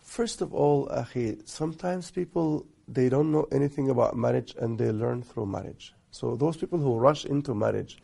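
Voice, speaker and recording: A middle-aged man from Egypt, a guest sheikh giving relaxed, soft-spoken marriage advice full of stories and amused asides. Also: mid-range voice, moderate pace, gravelly, hardly any pauses, breathy edge.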